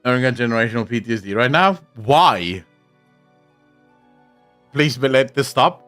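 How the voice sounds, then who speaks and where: A man's voice: mid-range voice, animated, moderate pace, a bit bright, faint music behind. A man from South Africa whose first language is Afrikaans, speaking English with an Afrikaans accent, chatting casually and profanely while answering viewers' comments on a live stream.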